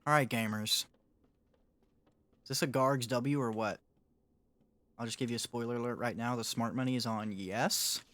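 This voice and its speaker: A man's voice: mid-range voice, fairly even intonation, moderate pace, pauses often, fairly bright tone, dry recording. A young man streaming a game live, chatting casually with his viewers, answering chat and laughing often.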